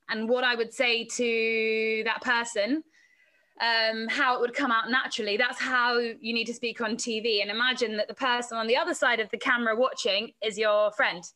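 A woman's voice: fairly high pitch, bright, forceful tone. A woman presenter and reporter, a guest on a podcast, talking casually about her work, laughing often and acting out what others said. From England. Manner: chatty, laughs often, acts out quoted voices. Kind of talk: casual interview answers.

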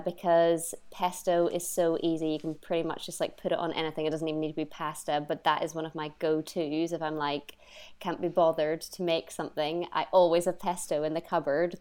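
Woman, young adult, lowish voice, casual interview chat, laughs a lot. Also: little pitch movement, normal speed, darkish tone, clean tone. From Northern Ireland. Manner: chatty, laughs often, acts out her own past remarks. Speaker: guest. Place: lives in London.

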